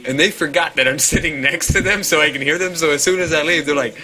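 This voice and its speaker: This young man's voice sits on the high side and comes across bright and forceful at a quick pace. Co-hosting a podcast, he tells a casual, profane, filler-laden story among friends, doing impressions of the people in it, while the other co-hosts laugh in the background.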